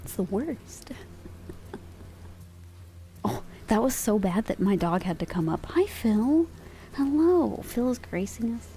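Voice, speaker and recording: A woman's voice: a little high, lively intonation, slow pace, pauses often, slight background noise. A woman streaming ASMR, slipping between whispers and crude, playful banter with her chat. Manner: soft whispers mixed with joking banter; crude and playful, laughs often.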